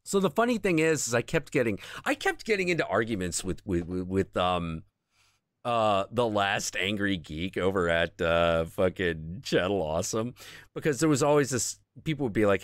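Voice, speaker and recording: A man's voice: on the low side, very animated, normal speed, no room sound, clean studio sound. A man hosting a casual stream, chatting about comics in a rambling, profane way and stopping to search for things as he talks. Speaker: stream host.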